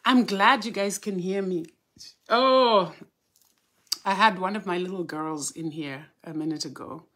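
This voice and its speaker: A woman's voice: fairly low pitch, a little slow, fairly bright tone. A woman, a spiritual teacher hosting a live stream, who greets her viewers one by one by name before she starts teaching. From Southern Africa.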